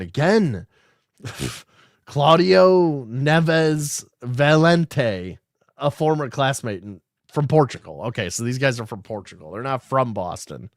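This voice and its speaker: Man, podcast host, casual livestream chat, irreverent, swears a lot, reads articles aloud, mid-pitched voice, dry close sound. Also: no room sound.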